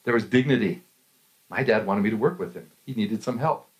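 A middle-aged man preaching a sermon, telling stories with frequent laughter and lively swings in his voice. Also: fairly low pitch, a little fast. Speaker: pastor.

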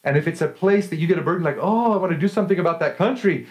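A middle-aged man preaching a sermon, telling stories with frequent laughter and lively swings in his voice. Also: fairly high pitch, very fast. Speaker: pastor.

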